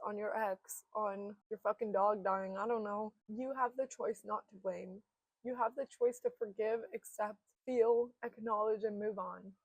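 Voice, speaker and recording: A young woman in her twenties talks straight to the camera in a candid, heartfelt monologue, her voice a touch high and very dry, with the room barely there. She speaks earnestly and drops the odd casual swear, sometimes close to tears. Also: darkish tone, no room sound, rough recording. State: emotional, near tears at times. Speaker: self-help vlogger. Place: indoors, seated in front of a camera.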